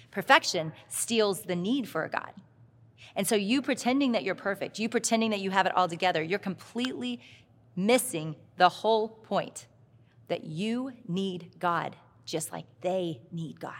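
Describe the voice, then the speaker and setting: A middle-aged woman speaking at a Christian leadership event, telling confessional stories and addressing the crowd directly. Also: medium pitch. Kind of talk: conference talk. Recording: long hall reverb from a live talk.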